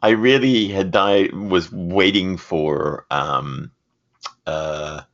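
Male podcast co-host, lower voice, loose chatty delivery, trails off mid-thought, muffled audio. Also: extremely slow. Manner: meandering, laughs easily, trails off. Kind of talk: casual chat.

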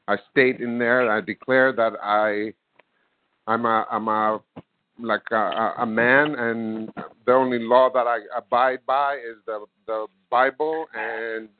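A man in his fifties, calling in, who tells a story with many fillers and plays both sides of the conversation. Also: mid-range voice. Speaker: caller. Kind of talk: casual storytelling. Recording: dry phone-line audio.

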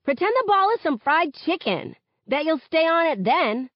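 Woman voicing brash teen girl, sharp, exasperated, high lively voice, dull dry lo-fi recording. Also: normal speed, no echo. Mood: indignant. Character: teenage girl teammate, brash and defensive.

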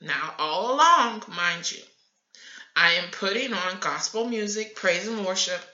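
A woman's voice: mid-range voice, animated, unhurried, pushed and bright. A middle-aged woman hosting a faith broadcast from her home computer, telling a personal story in an open, confessional way. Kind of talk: candid personal sharing. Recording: echoey room, muffled lo-fi audio.

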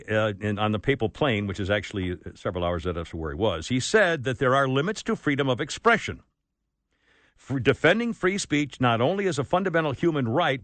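A man hosting a talk radio show, ranting with sarcasm and indignation, swinging between loud outbursts and low asides. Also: no echo. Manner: indignant, sarcastic, rants loudly then drops low. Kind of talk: opinionated talk radio monologue.

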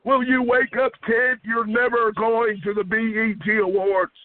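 A man's voice: very high voice, little pitch movement, normal speed, no echo. A man caller ranting with hostility on a group phone line, repeating chanted taunts over and over. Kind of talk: aggressive prank-call ranting.

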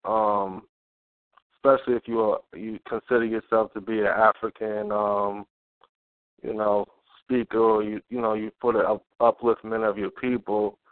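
A man calling in to a chat show, speaking haltingly with fillers and dry chuckles. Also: lowish voice, level tone, dry recording. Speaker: caller. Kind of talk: casual call-in chat. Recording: dry phone-like call audio.

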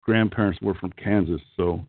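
A man's voice: sits low, fairly even intonation, moderate pace, husky, no room sound. Profane middle-aged Okie man on a call line. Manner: crude, profane, rambling. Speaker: call-in show host. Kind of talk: casual call-in chat. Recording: tinny phone-like call line.

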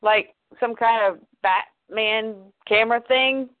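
A woman's voice: a little high, steady tone, slow, no echo. A woman reading aloud the lines of a curious, joking young male friend, over a phone-like line.

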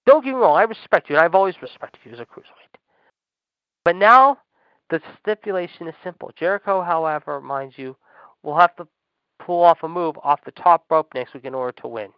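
A man co-hosting a wrestling podcast, loud and crude, taunting and ranting in trash-talk style. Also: high-pitched, clear, resonant tone, no room sound. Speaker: podcast co-host. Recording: dull lo-fi dry sound.

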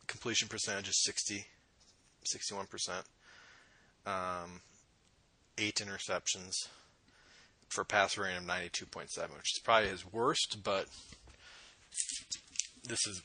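Man, podcast host, casual chat, wry, laughs often, sharp bright tone, husky. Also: low voice. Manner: wry, laughs often, runs through stats. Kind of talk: casual sports and politics chat. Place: home with dogs.

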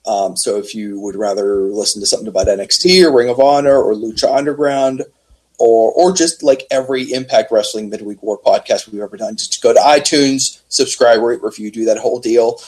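Husky easygoing male podcast host. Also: medium pitch, a little fast, darkish tone, rough recording. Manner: joking, easygoing, talks wrestling. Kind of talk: casual podcast chat.

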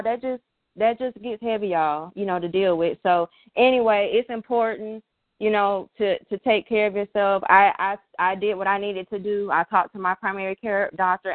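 A woman turning thirty, speaking emotionally and haltingly with many fillers, close to tears. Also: mid-range voice, fairly even intonation, dry recording, narrow, tinny audio. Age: 20s. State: tearful, emotional. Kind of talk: emotional personal talk.

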